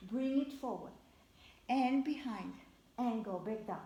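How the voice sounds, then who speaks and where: A woman leading a Pilates class at home, cueing each movement with calm, repeated counts. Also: on the high side, reverberant, lo-fi sound. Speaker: Pilates instructor. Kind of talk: live exercise class instruction.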